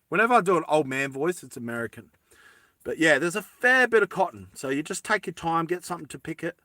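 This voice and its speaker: A man's voice: fairly high pitch, expressive, fast, bright, forceful tone, no room sound, studio quality. A man chatting casually through a lighter repair, rambling into jokey tangents and correcting himself as he goes. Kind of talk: casual how-to chat.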